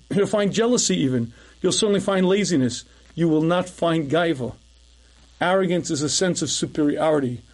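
Man, middle-aged, high voice, rabbi's lecture, conversational storytelling, clears throat often. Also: a little mellow.

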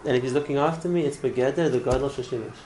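A man's voice: medium pitch, racing, a little mellow, a little hiss or hum, rough recording. A man teaching a religious class in an earnest way, often repeating words and restarting his phrases. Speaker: Torah teacher.

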